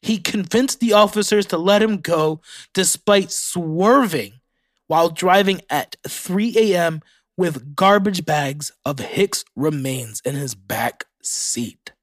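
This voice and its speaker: A man's voice: on the high side, animated, slow, no echo, studio quality. A young man hosting a casual solo podcast, reading facts aloud and reacting with profanity. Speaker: podcast host.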